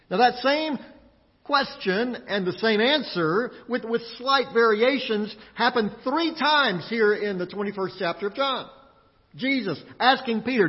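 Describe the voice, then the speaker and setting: A man's voice: high-pitched, expressive, unhurried, big-room sound, dull audio. A male pastor preaching a sermon in a conversational way, often repeating words as he goes. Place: church sanctuary.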